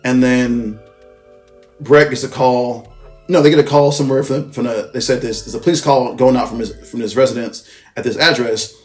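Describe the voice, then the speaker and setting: Man, mid-pitched, casual movie recap, rambling, profane, self-correcting, faint background music. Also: fairly even intonation, moderate pace. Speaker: movie reviewer.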